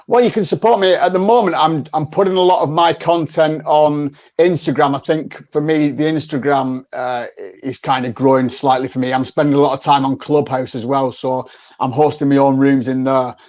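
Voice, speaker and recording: A man talks as a guest on a podcast, chatty and quick to act out sample phone calls, stumbling over repeated words as he restarts. His voice sits a little high. The sound is dry and lo-fi, like a video call. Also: fairly even intonation, darkish tone, no echo. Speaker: podcast guest, sales coach. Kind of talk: conversational interview.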